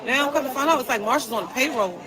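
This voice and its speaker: A woman's voice: sits high, expressive, rapid-fire, crowd noise, rough recording. A woman talking on a casual live stream, telling her side of a story in an emphatic, repetitive way.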